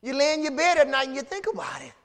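A man preaching a sermon as pastor, animated, swinging from loud cries down to low, quiet lines. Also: racing. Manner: animated preaching, rising to shouts and dropping low.

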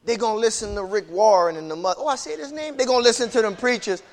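A man preaching in a casual, emphatic way, repeating himself and building up to shouts. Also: high-pitched, quick pace. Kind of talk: preaching-style casual talk.

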